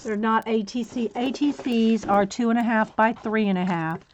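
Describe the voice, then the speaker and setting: A woman's voice: on the high side, moderate pace, lo-fi sound, noisy background. A woman hosting a crafting livestream, chatting casually and greeting viewers by name while she cuts and sorts art cards. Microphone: camera mic set low on the desk.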